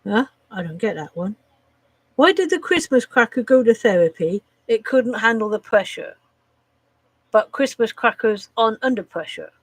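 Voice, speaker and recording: A woman's voice: a little high, animated, normal speed, slightly rough, dry recording, low-quality recording. A woman chatting casually on a live stream, rambling, swearing freely and laughing at her own jokes.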